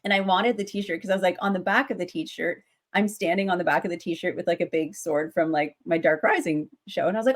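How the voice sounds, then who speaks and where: A woman's voice: lowish voice, brisk, few pauses. A young adult woman, a guest in an interview, telling a story casually with many fillers and acting out the voices in her quotes.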